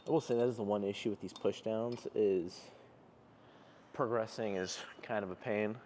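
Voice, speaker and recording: A man's voice: on the low side, steady tone, moderate pace, darkish tone, a little hiss or hum. A young man chatting casually in a rambling, laid-back way, with lots of fillers, while working out in a gym. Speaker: fitness vlogger. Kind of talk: casual gym vlog chat. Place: gym, indoors.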